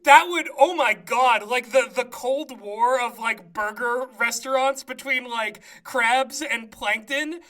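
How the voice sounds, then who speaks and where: Brief: bright, forceful podcast co-host, lively recap storyteller, laughs often, remote call mic. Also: medium pitch, slow pace, few pauses. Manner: animated storytelling, frequent laughter. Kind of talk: casual comedic recap chat.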